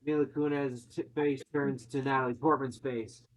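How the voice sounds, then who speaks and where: A man's voice: medium pitch, little pitch movement, moderate pace, poor audio. A man casually retelling a film's plot, swearing and acting out quotes, in a chatty movie-recap conversation.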